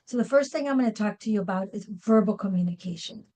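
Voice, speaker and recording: A woman's voice: medium pitch, fast talker, warm tone, rough recording. A woman presenting a professional workshop to a live audience, with many fillers and restarts. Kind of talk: live seminar talk.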